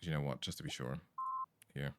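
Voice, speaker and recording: A man's voice: extremely low pitch, fairly even intonation, fairly quick, background noise. A man streaming a game from home, chatting casually, swearing and reading on-screen text aloud into a desk mic. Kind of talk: live game-stream commentary.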